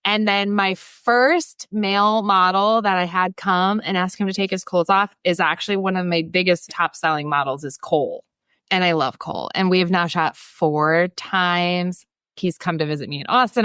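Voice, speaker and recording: A woman in her thirties telling stories as a photographer guest, chatty and animated, laughing often and acting out what people said. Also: medium pitch, smooth, no room sound. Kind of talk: casual storytelling interview.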